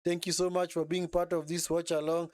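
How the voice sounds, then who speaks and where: Fairly quick and excitable, a man commentates live on a football match for his stream, chatting, going over the same words again and finishing lines with "eh?". The slightly high voice comes across smooth and clear in a close, dry recording with no room sound.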